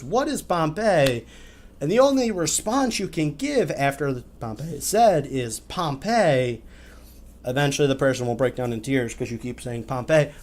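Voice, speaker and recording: A man's voice: mid-range voice, darkish tone, slight background noise. Young man reading posts with sarcastic asides. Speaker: podcast host. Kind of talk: casual chat, reading posts aloud.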